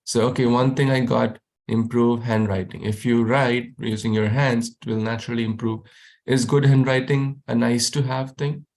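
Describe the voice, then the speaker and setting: A man's voice: mid-range voice, gravelly, darkish tone. A man teaching a youth class over a video call, encouraging students and repeating his questions.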